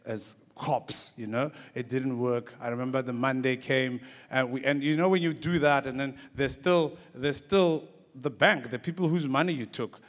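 A man's voice: mid-range voice, fairly bright tone, long reverb tail. Man telling stories on stage. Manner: casual, rambling, lots of restarts and "like". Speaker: comedian giving a conference talk. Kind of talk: storytelling talk on stage.

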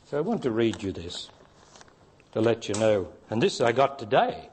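A man's voice: fairly low pitch, very animated, moderate pace, darkish tone, slight background noise. Emphatic older Australian man teaching. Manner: emphatic, insistent, rising to stress points. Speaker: spiritual teacher. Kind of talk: spoken teaching talk.

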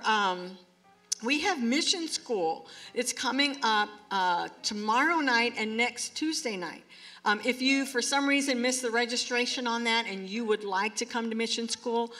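A woman's voice: a little high, pushed and bright. A woman giving friendly, upbeat church announcements in the sanctuary.

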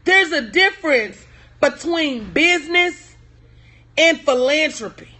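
Animated yet slow, this middle-aged business coach speaks in a high, sharp-toned voice. On her motivational livestream she preaches emphatically, repeats key lines and welcomes viewers by name.

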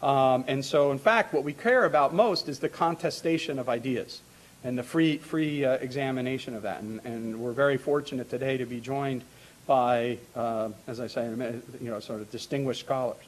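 A man's voice: medium pitch, normal speed. A middle-aged man introducing a panel in a lecture hall, talking informally with many fillers, restarts and asides. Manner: informal asides with light laughter.

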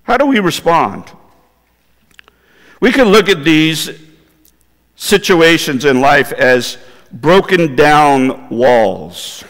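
A man's voice: fairly high pitch, very animated, very slow, long pauses, a bit bright. A male pastor preaching a sermon in a church, in a conversational manner that puts questions to the congregation. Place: church sanctuary. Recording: long hall reverb in a church.

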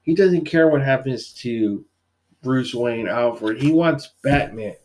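A man's voice: medium pitch, takes it slowly. A man co-hosting a podcast, casually retelling a comic plot and quoting the characters as he goes, with lots of fillers. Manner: animated storyteller, quoting characters, many fillers. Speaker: podcast co-host. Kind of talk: casual chat recapping a comic.

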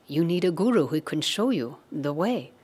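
Woman doing a calm male deity, patient, gentle, reassuring, low voice. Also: moderate pace, slightly rough.

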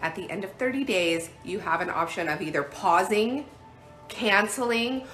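A woman's voice: medium pitch, normal speed, soft background music. A woman in her thirties, a lifestyle blogger talking casually into her phone while walking through her house. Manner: chatty, bubbly, excitable. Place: house interior.

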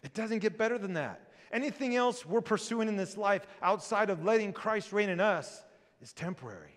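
Guy pastor preaching, goes big then goes quiet, kinda high voice, long church echo. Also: normal speed. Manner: lively preaching, swings between loud and hushed. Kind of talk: sermon. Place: church sanctuary. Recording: long reverb of a church hall.

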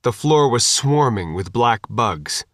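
Brief: male narrator, mid-pitched, measured reading, dry close studio recording. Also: animated, fairly bright tone, no room sound. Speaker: audiobook narrator. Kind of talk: scripted audiobook narration.

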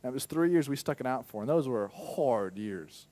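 A man's voice: medium pitch, lively intonation, normal speed. Candid young male pastor preaching. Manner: candid storytelling with sudden loud bursts. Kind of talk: personal testimony sermon. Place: church.

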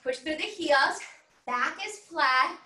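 A woman speaks slowly in a high-pitched, expressive voice that's bright and forceful, leading an online workout as she exercises. Her coaching is upbeat and full of whooping cheers, though she's slightly winded. The audio is roomy and distant, coming through a far-off laptop mic on a video call.

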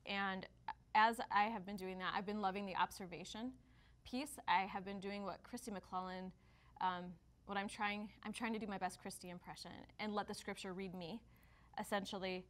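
A woman talking through faith in an easy, reflective way, pausing and restarting as she thinks. Her voice sits at an ordinary middle pitch for a woman. She co-hosts a casual church devotional conversation. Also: a bit bright. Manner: reflective, with frequent fillers and restarts. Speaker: church staff co-host.

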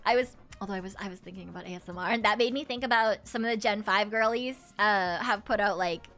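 A woman VTuber streamer chatting casually and excitedly with her viewers, swearing freely and laughing often. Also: mid-range voice, quick pace, faint music behind. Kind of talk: casual livestream chat with viewers.

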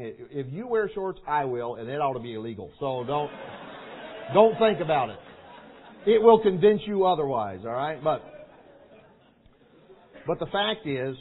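A man preaching a sermon to young people, telling a story with lively acting, shouts and sound effects. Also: fairly high pitch. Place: large meeting hall. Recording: tinny phone-like sound.

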